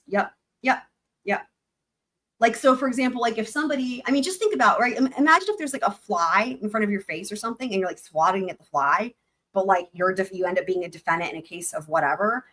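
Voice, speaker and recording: Woman host breaking down court stuff, chatty, animated, swears a bit. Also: medium pitch. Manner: chatty, animated, explains points and swears casually. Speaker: livestream host. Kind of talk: casual legal commentary.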